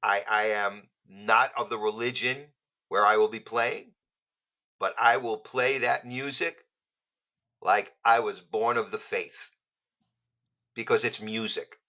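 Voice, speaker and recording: A man's voice: lowish voice, fairly even intonation, takes it slowly, long pauses, bright, forceful tone, low-quality recording. A man, a musician guest on a podcast, telling jokey stories in casual chat. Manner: joking storyteller.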